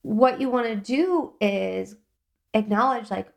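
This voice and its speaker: A woman hosting a self-help podcast, talking in a calm, gently encouraging, reflective way. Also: a little high, slow pace. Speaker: podcast host.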